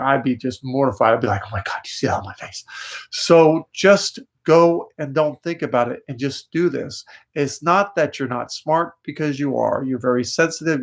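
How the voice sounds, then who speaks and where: A man hosting a live psychic call-in show, gently reassuring and a little nasal today. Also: medium pitch, gravelly. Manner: gentle, reassuring, calls people dear. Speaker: psychic host.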